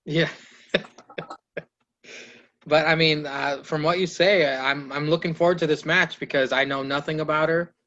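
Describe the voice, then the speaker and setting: A man with a fairly high voice hosts a casual podcast, running through wrestling segments in loose play-by-play. He swears freely and slips into quick impressions of the wrestlers. The audio is dull and lo-fi. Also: steady tone, sharp tone. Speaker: podcast host.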